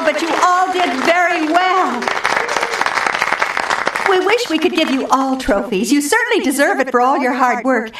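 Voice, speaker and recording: A formal competition emcee with a very high voice. She sounds distant and roomy, with a loud crowd and noise around her. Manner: announcing, formal.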